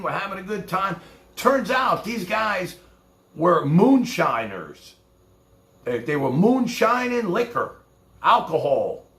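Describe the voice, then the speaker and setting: A New York streamer with a New York accent tells rambling, profane stories in casual talk. His voice sits high and is a bit bright, and the room is echoey.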